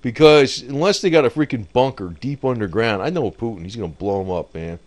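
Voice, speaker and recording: A man's voice: medium pitch, fairly quick. Rambling man chuckling through market talk. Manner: rambling, laughs at his own jokes. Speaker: market commentator. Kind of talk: off-the-cuff market commentary.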